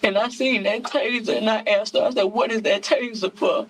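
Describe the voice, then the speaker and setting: A woman's voice: medium pitch, steady tone, moderate pace, a little hiss or hum, rough recording. A woman being interviewed as a witness, answering hesitantly and repeating herself. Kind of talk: police interview.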